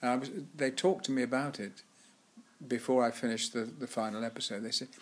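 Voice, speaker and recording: A man's voice: mid-range voice, steady tone, fast, fairly bright tone. An older man and former actor, telling chatty, laughing anecdotes in an interview with frequent restarts. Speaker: guest actor.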